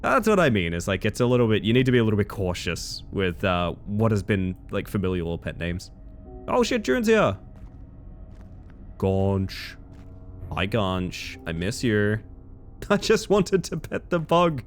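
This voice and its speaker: A chatty man streaming a game and talking to chat, his low voice swinging up and down as he goes. He laughs easily and keeps the mood loose. Soft game music plays under him. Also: huge pitch swings, unhurried. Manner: chatty, reads chat aloud, laughs often. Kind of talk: casual live-stream chat while gaming.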